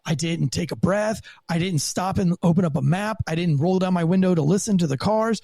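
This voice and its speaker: A man telling a profane, animated story from his rookie years as a police officer, as a podcast guest. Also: high-pitched, a little fast, vocal fry, no room sound, studio quality. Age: young adult. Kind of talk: casual storytelling interview.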